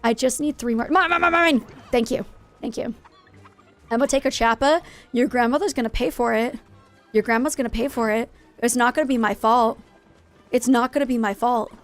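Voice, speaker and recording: A woman's voice: on the high side, fairly even intonation, brisk, soft background music. A woman live-streaming a game in casual chat, greeting viewers and going off on playful, jokingly dramatic rants.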